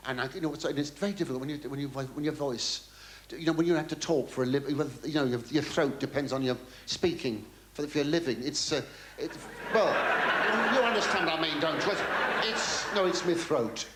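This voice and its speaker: A man's voice: on the high side, fairly quick, background noise. A man doing a camp, theatrical stand-up act with the audience. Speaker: comedian. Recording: echoey live venue with laughter.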